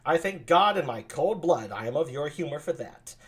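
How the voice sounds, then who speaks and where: A man doing a scornful, high-voiced noblewoman. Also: expressive, normal speed, fairly bright tone. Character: sharp-tongued young noblewoman, scornful of men.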